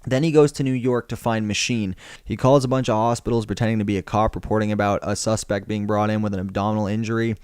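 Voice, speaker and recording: A man's voice: fairly low pitch, fairly even intonation, fast, darkish tone, smooth, dry recording, studio quality. A young man casually recapping a film plot, swearing freely and rambling as he tells it. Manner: profane, rambling storyteller. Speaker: film reviewer.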